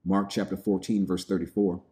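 A man's voice: low voice, little pitch movement, moderate pace, mellow. A man preaching a sermon, reading scripture aloud and then explaining it in plain, everyday words.

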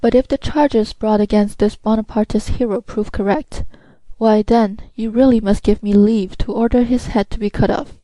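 A woman voicing a stern young male prosecutor who speaks in a measured, formal way, in a storybook reading. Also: medium pitch, fairly even intonation, dark tone, no echo, natural voice, rough recording.

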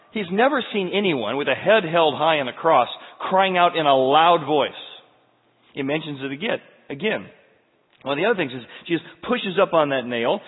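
Husky preacher in an echoing hall. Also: male voice, high-pitched. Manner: dramatic, swings from hushed to loud cries. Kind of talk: sermon. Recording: tinny phone-like sound in a reverberant hall.

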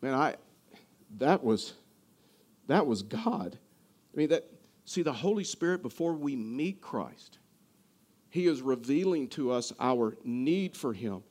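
A man's voice: mid-range voice, big pitch swings, slow, long pauses, darkish tone. A male pastor preaching a sermon, earnest, often repeating and restarting his words.

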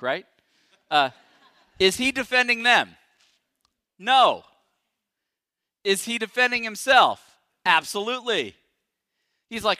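A male pastor preaching a sermon, emphatic and dramatic, swinging from loud declarations to hushed asides. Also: high voice, expressive, moderate pace, long pauses, clear, resonant tone, no room sound, clean studio sound.

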